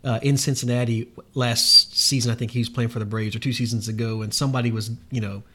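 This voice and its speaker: A man's voice: medium pitch, fairly even intonation, quick pace, sharp tone, slightly rough. Man telling sports anecdotes. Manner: storytelling, hesitant with restarts. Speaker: podcast co-host. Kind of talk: casual sports chat.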